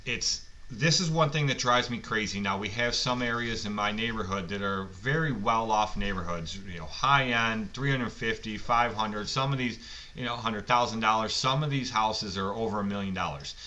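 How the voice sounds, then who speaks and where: Blunt man, bright lo-fi podcast voice. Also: lowish voice, normal speed. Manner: blunt, profane, rambling. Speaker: lawn care business owner. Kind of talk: casual storytelling podcast monologue. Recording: muffled lo-fi recording.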